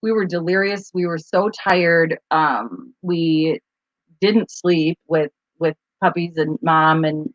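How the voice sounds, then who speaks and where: A woman's voice: low-pitched, dry recording. Woman, casual live-stream chat, rambling storyteller, dry close sound, a bit muffled. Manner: rambling, chatty storyteller with many fillers. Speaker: co-host of a live advocacy stream.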